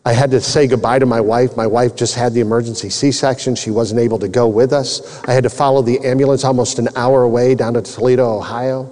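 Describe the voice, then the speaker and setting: A man's voice: medium pitch, fairly even intonation, brisk, few pauses, dark tone. A man preaching, earnestly and emotionally telling a personal testimony. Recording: long reverb in a large hall.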